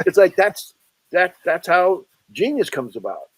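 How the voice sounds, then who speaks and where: Man, interview guest, chatty storyteller, fairly high voice, dry close sound. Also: takes it slowly, no echo, rough recording. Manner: chatty, animated storyteller who quotes people in lowered voices. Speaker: author and film historian guest.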